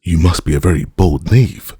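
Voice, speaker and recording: A man's voice: deep voice, moderate pace, warm tone, husky, dry recording, studio quality. A man voicing a proud, fierce young gypsy street dancer who answers coldly and warily. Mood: wary. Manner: cold, wary replies.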